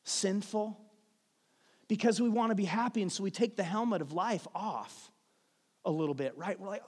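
A man's voice: sits high, unhurried. A man preaching a sermon, telling a family story in a conversational way with frequent restarts. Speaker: pastor. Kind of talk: sermon with personal stories. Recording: long hall reverb.

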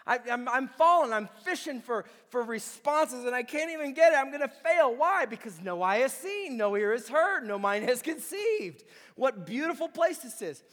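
A man's voice: very high voice, sing-song, moderate pace, a bit bright. A man preaching a sermon as a pastor, speaking with impassioned emphasis. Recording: long reverb of a large hall.

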